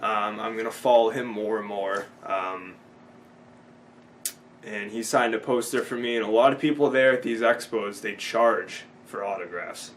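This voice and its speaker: A man's voice: fairly low pitch, normal speed, a bit bright, slight background noise. Young man rambling through an expo vlog. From Boston. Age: 20s. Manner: rambling, many ums and restarts, swears freely. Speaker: vlogger. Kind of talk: casual vlog recap.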